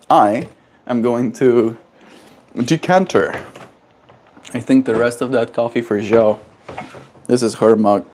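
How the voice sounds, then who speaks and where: A man's voice: medium pitch, takes it slowly, long pauses, slight background noise. A man live-streaming from home in a playful, silly way, chatting casually and answering viewers' comments. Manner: playful, silly, reads chat aloud. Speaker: livestreamer.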